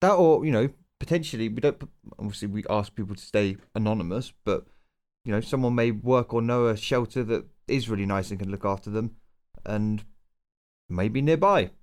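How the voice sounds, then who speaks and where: A man's voice: fairly low pitch, normal speed. A young man hosting a podcast, joking casually and moving the talk along. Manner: upbeat, joking, steers the show. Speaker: podcast host. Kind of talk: casual chat.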